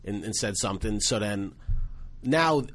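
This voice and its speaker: A man hosting a podcast, telling a comedy club story in a loose, animated way and swearing freely. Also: fairly low pitch, a little slow. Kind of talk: casual storytelling chat.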